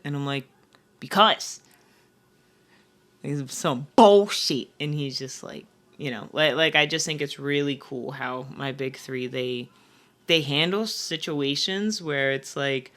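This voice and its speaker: A woman in her twenties co-hosting a podcast, chatting casually and acting out quotes with big jumps in her voice. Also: unhurried. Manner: animated, acts out quotes with big pitch jumps. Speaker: podcast co-host. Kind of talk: casual chat.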